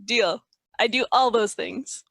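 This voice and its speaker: Upbeat woman player with a higher voice. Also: takes it slowly, vocal fry, a bit bright, dry recording. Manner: upbeat, playful. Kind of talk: casual tabletop game chat.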